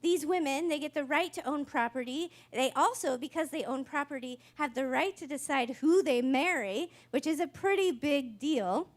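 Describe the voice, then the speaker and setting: High-voiced woman preaching conversationally. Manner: conversational, wry storytelling preacher. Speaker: pastor. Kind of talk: sermon.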